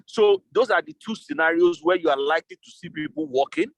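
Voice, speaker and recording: A man's voice: fairly high pitch, brisk, no room sound. A man, a business consultant, answering interview questions over a remote call, laying out his points step by step. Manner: methodical, lays out scenarios step by step.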